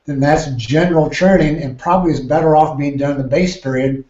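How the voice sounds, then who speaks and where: A man, a triathlon coach, explaining training ideas in a podcast interview with measured, careful phrasing and frequent restarts. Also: on the high side, fairly even intonation, darkish tone. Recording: roomy, dull lo-fi sound.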